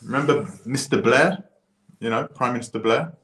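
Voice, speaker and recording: Animated man in a roomy echo. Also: medium pitch, moderate pace. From United Kingdom. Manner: animated, frequent restarts and asides. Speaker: commentator. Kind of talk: casual opinion monologue.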